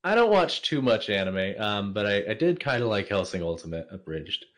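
A man's voice: on the low side, sing-song, normal speed, fairly bright tone. A man being interviewed on a casual podcast, hesitant with fillers, laughing often and making dry jokes. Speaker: podcast guest.

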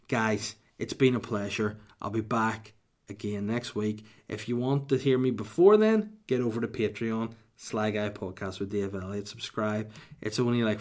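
A man hosting a solo podcast, rambling through jokes and self-mocking asides. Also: lowish voice. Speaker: podcast host.

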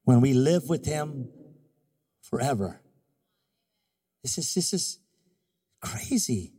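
A pastor in his fifties preaching in a church, animated and joking as he acts out little scenes. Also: medium pitch, slow, breathy edge, big-room sound. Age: 50s. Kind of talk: sermon.

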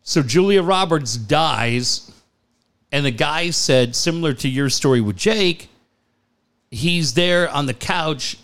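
Lively middle-aged man swapping radio stories. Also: a little high. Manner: quick interjections, animated retelling of listener stories. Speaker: radio show co-host. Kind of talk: casual chat.

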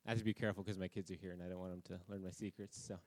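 A man's voice: low voice, level tone, very fast, a little mellow. A man preaching a conversational sermon at a church service, telling anecdotes about himself. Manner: casual, self-deprecating, anecdotal. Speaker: pastor.

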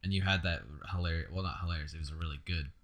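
Low voiced guy hosting a podcast, chill and easygoing. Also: steady tone, rapid-fire, a bit bright. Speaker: podcast host. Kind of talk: casual chat.

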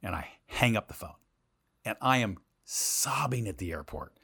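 A middle-aged man, a TV news anchor, telling a story from his career in an animated interview voice that swings between loud and quiet. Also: fairly low pitch, normal speed, vocal fry, husky, no echo, clean studio sound.

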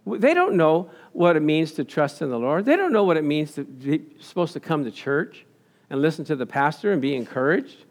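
High-voiced, lively preaching pastor. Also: male voice, brisk. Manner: animated, asks the congregation questions and answers them; laughs often. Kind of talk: sermon with slides.

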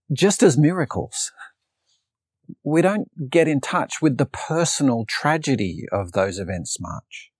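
A man's voice: medium pitch, a little mellow, slightly rough, no echo, clean studio sound. A man preaching an earnest sermon, telling a personal story and reading Bible passages aloud. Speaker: pastor. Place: preaching to an online congregation.

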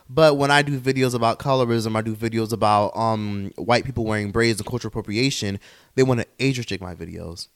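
A man's voice: medium pitch, a little fast. Profane young man ranting on a podcast. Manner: profane, animated ranting with mocking quoted voices. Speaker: podcast host. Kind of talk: solo podcast rant.

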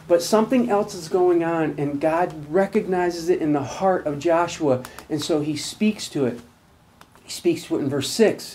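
A man's voice: on the high side, a little mellow. A man preaching a sermon, explaining scripture with earnest emphasis and reading verses aloud. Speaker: pastor.

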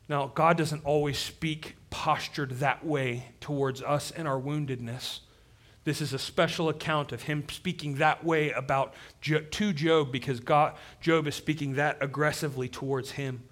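A man's voice: fairly high pitch, steady tone, a little slow. Man preaching a dynamic sermon. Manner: dynamic preaching, drops to quiet emphasis. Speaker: pastor.

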